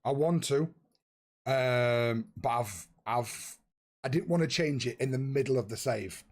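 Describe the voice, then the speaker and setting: A young man with a husky voice, chatting casually and swearing freely with his viewers while he plays a football management game. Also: mid-range voice, a little slow. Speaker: streamer. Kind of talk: casual live-stream chat.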